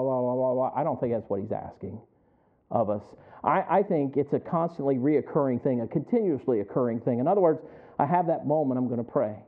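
A middle-aged male preacher with a fairly high voice delivers a chatty sermon. He chuckles as he goes and keeps calling out to the congregation for an answer. The sound is thin and tinny, like it came down a phone line. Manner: conversational, chuckling, asks the congregation for responses.

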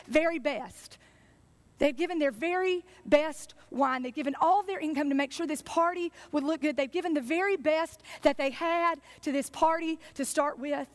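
A woman pastor preaching a sermon, telling a story with passion and lots of repetition. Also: fairly high pitch.

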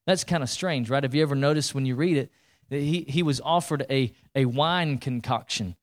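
A man, preaching to his congregation in a conversational, animated way, repeating words and asking the room questions. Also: medium pitch, moderate pace. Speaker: pastor. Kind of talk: sermon.

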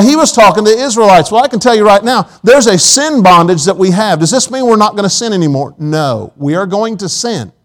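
A man's voice: high voice, poor audio. A man preaching a sermon in a church auditorium, telling folksy personal stories with quoted asides.

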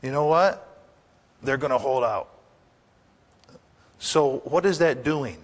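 A man's voice: on the high side, slow pace, pauses often. An older man, a pastor, preaching a sermon in a folksy, anecdotal way, asking the congregation rhetorical questions.

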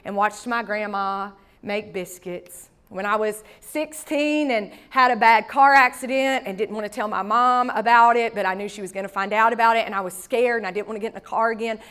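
A woman pastor, preaching a sermon. She tells a personal story in a relaxed, conversational way, with folksy asides. Her voice sits at an ordinary pitch for a woman. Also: a little fast, hardly any pauses, smooth.

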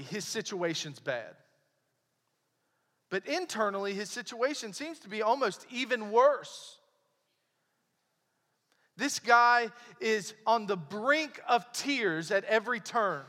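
A man preaching a sermon, reading scripture and explaining it in an earnest, emphatic way with dramatic pauses. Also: high voice, bright, forceful tone. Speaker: pastor. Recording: long hall reverb.

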